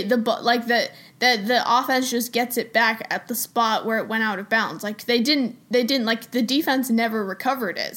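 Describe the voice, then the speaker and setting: A woman's voice: a little high, fairly bright tone. Rambling young woman podcast co-host. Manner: rambling, halting explanations with many restarts. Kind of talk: casual podcast chat.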